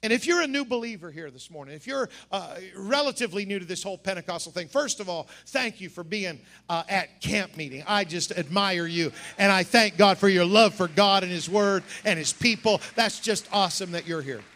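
A man preaching at a camp meeting, his voice very high and bright. He moves from quiet, quick asides to emphatic shouted peaks. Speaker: pastor. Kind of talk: sermon.

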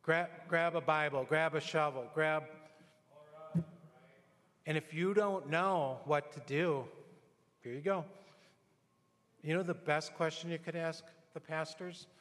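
A middle-aged preacher speaks slowly with long pauses, his fairly high, fairly bright voice echoing with long hall reverb in a church sanctuary. His sermon is conversational, with anecdotes and acted-out quotes.

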